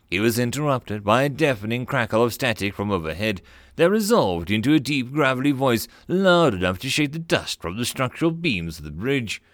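Guy reading a sci-fi story aloud, super lively pitch, dry close sound. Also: normal speed, no echo. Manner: expressive storytelling. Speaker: narrator. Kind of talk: audiobook story narration.

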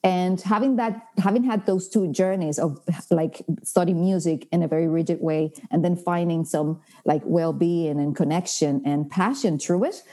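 A woman's voice: lowish voice, moderate pace, hardly any pauses, mellow. A woman in her thirties from the Dominican Republic with a Dominican Spanish accent, a guest in a casual interview who talks with enthusiasm and laughs often.

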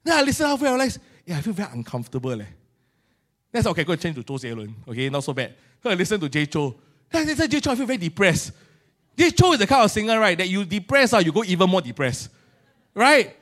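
Speaking fast in a voice that sits high, this middle-aged pastor with a Singaporean English accent gives a lively, colloquial sermon and acts out small scenes along the way.

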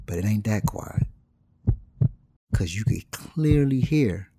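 A man delivering a slangy comic monologue, telling stories and slipping into quick voices. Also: lowish voice, slightly rough. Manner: animated slangy storytelling, jumps into voices. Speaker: comedian. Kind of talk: stand-up style comic monologue.

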